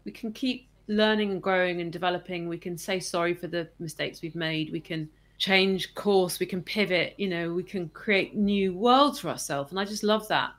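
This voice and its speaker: A woman's voice: lowish voice, normal speed, few pauses. A woman guest on a podcast interview, talking in an enthusiastic, reflective way about a favourite song. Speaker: guest, coaching psychologist.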